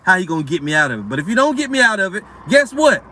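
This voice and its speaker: High bright-voiced guy preaching, reads verses slow then gets blunt and cussy. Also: sing-song, a little hiss or hum. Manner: blunt, profane, streetwise preaching; reads verses aloud slowly between rants. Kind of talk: casual scripture teaching.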